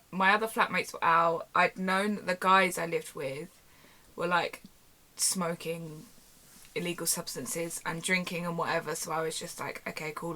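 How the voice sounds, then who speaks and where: A young woman casually telling a storytime vlog from her bedroom, animated and chatty, acting out quoted dialogue. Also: fairly low pitch. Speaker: YouTuber. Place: home bedroom. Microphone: camera on tripod.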